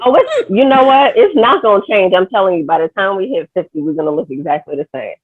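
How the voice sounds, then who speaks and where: A woman's voice: medium pitch, big pitch swings, quick pace, slightly rough, no echo, phone-quality sound. A woman co-hosting a podcast in casual chat, reminiscing and teasing the others. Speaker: podcast co-host.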